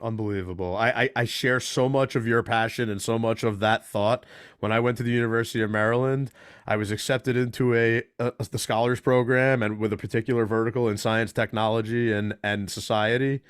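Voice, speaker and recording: A man hosting a radio talk show, mid-pitched and close to the mic in a dry room. He tears through a long introduction, then breaks off for playful side comments. The energy is upbeat and chatty. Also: fairly quick, smooth, no room sound. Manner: lively, joking asides while reading a long introduction. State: out of breath.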